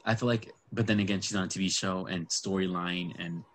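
A man's voice: low-pitched, fairly even intonation, fairly quick, slight background noise. A man in casual, rambling chat about a reality show, full of fillers and asides. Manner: chatty, rambling, lots of fillers and quoted asides.

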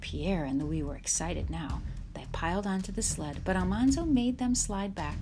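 A woman reading a children's chapter book aloud in a steady storytelling voice. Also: medium pitch, moderate pace, over music. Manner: steady storytelling, lively for dialogue. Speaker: audiobook reader. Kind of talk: scripted narration.

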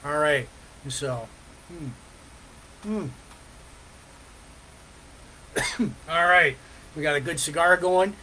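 A man with a rather high voice hosts a casual live stream. He rambles from topic to topic, filling the gaps with ums, pauses and "all right, so". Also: pushed and bright, slight background noise, low-quality recording. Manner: rambling, many fillers and pauses. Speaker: podcast host.

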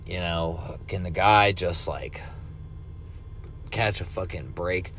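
A man's voice: low voice, slow pace, a bit bright, slight background noise. Profane laid-back stoner man. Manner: profane, meandering, laid-back with ranting bursts. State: high, coughing now and then. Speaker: cannabis vlogger. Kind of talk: casual stoned rambling monologue.

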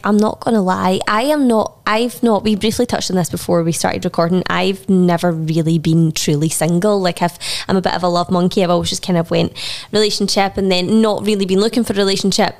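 A woman's voice: medium pitch, darkish tone. Chatty woman hosting a podcast. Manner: chatty and reactive, quick exclamations. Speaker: podcast host. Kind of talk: casual chat.

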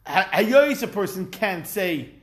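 High-voiced animated man teaching a class. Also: takes it slowly. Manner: animated, asks rhetorical questions, acts out quotes. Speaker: Talmud teacher. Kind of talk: lively study class lecture.

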